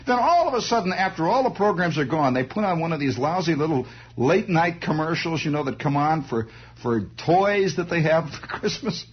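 A male comedian with a husky voice telling a rambling, stammering comic story on a dull lo-fi recording. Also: a little high. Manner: rambling and stammering, with sudden bursts.

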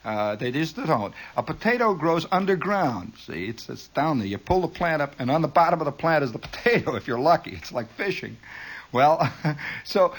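A middle-aged man tells a long comic story in a husky voice. His pitch leaps around with lively expression, and he wanders into tangents and mimics the sounds he describes. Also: normal speed. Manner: rambling, digressive, mimics sounds, chuckles often. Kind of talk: humorous spoken-word storytelling.

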